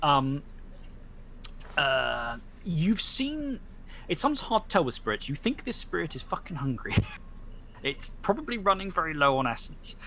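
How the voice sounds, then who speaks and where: Male game master narrating a tabletop game, halting and descriptive, slightly high voice, faint noise behind. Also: big pitch swings, pushed and bright. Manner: descriptive, halting with many fillers.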